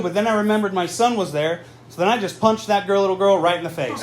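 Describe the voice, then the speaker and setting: Male comic in his thirties, high voice, dry self-mocking stand-up, live room with noisy ambience. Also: quick pace, hardly any pauses. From Southern California. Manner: deadpan, self-mocking delivery. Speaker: stand-up comedian. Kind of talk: stand-up comedy set. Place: live comedy venue with audience. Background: audience laughter.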